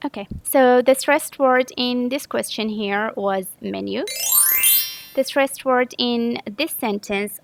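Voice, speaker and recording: Slow, gravelly-voiced woman teacher. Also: a little high, over music, rough recording. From Saudi Arabia. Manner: patient, step-by-step explaining with frequent self-corrections. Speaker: English teacher. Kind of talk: grammar lesson walkthrough.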